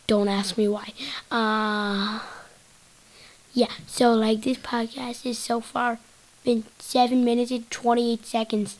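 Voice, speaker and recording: A woman with a fairly high, level-toned voice speaks slowly while hosting a solo podcast. She rambles in a silly, giggly way, jumping from topic to topic in a casual monologue. The recording sounds rough.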